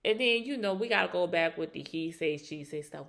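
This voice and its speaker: Animated woman recapping reality drama. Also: moderate pace, gravelly, hardly any pauses. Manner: animated, acts out quotes in higher voices. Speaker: reality show recap host. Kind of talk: casual recap commentary.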